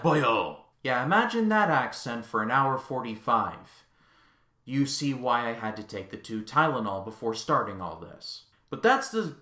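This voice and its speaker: A man's voice: mid-range voice, pushed and bright. A man reviewing a film in a casual vlog, ranting in an exasperated, sarcastic way. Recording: echoey room.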